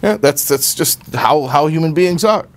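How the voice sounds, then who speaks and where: In a relaxed, conversational way, a man gives an informal Torah class, often repeating words while he searches for phrasing and acting out the voices he quotes. His voice is a little high and his pace is measured.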